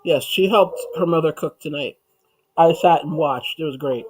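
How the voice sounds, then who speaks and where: A chatty man hosting a relaxed livestream, his voice pitched notably high. He reads viewers' comments aloud and answers them with easy laughter in a loose, conversational way. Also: normal speed, breathy edge, low-quality recording. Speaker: livestream host. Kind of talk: casual livestream chat.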